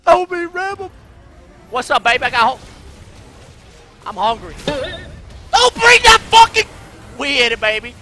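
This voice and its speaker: A man streaming a video game live, commenting in a brash, profane way that swings from low muttering to sudden shouts. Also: sing-song, measured pace, pauses often, soft background music.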